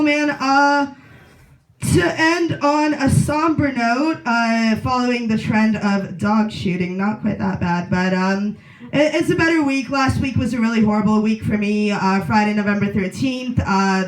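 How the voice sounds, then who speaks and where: A woman in her late twenties doing a deadpan stand-up set at an open mic, rambling with lots of filler words. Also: mid-range voice, normal speed. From Russia. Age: 20s. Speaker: stand-up comedian. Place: small bar at an open mic. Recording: echoey room.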